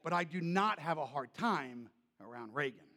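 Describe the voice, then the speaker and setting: A male pastor telling a story in a sermon, loud and animated, then dropping to soft, gentle tones. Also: on the high side, normal speed, big-room sound.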